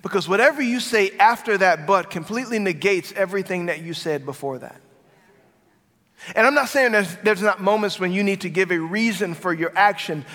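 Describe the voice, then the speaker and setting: Guy preaching, pretty high voice, keeps hammering phrases home, long echo off a big church hall. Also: fairly bright tone. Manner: emphatic, repeats key phrases. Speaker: pastor. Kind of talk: sermon. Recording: long reverb of a large hall.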